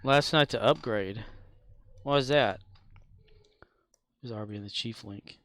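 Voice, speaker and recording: A man's voice: mid-range voice, a little slow, fairly bright tone. A man streaming a game, chatting casually and sleepily with his viewers in a laid-back drawl. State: sleepy, keeps yawning. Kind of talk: casual chat while playing.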